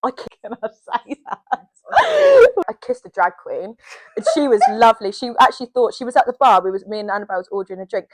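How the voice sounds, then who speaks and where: A young woman co-hosting a podcast, telling a story in an animated, sweary, casual way. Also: mid-range voice, fast, very noisy. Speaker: podcast co-host. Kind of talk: casual chat.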